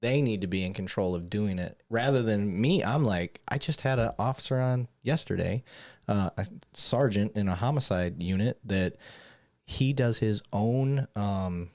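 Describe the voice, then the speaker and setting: A podcast host with a northern US accent talks in a fairly low voice. He rambles and corrects himself mid-sentence, laughing easily as he chats. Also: normal speed, a little mellow. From Michigan. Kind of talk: casual podcast chat.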